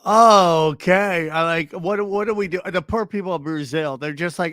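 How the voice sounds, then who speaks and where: A man hosting a comedy podcast, reacting to videos in an excitable, swearing rant and breaking off now and then to scold his dog. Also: sits high, fairly quick, hardly any pauses, dry recording. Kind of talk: casual comedic commentary.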